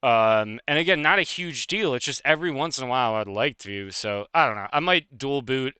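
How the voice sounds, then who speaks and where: A man streaming live, ranting casually and fast with lots of swearing and laughter. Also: medium pitch, animated, bright, forceful tone, clean tone, no echo. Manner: fast, profane, heated and laughing.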